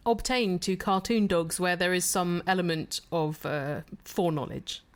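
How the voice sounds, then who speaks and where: A woman's voice: lowish voice, moderate pace. A woman co-hosting a podcast, chatting casually with playful, bookish teasing. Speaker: podcast co-host. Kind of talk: casual chat.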